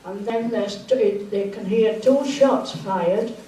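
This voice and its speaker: A woman telling jokes to a party crowd at an easy, unhurried pace, putting on the characters' lines. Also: medium pitch, mellow. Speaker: joke teller at a party. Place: large room at a Christmas party. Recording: echoey room, recorded from a distance.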